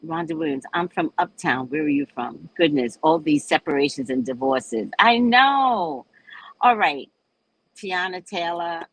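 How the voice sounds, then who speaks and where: An older woman from New Orleans, with the local accent, hosts and chats casually with live viewers, telling stories animatedly with swings in her voice. She speaks in a deep, unhurried voice; the recording is low quality but has no echo.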